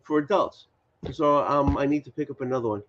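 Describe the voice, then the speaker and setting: Male, Boston accent, animated chatter, muffled lo-fi audio. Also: mid-range voice, a little fast, slight background noise. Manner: animated, insistent, repeats himself. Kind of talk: casual chat.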